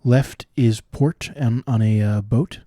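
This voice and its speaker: A man solving cryptic crossword clues out loud, thinking through each one and explaining the wordplay as he goes. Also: medium pitch, takes it slowly, dry recording, studio quality. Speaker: puzzle solver.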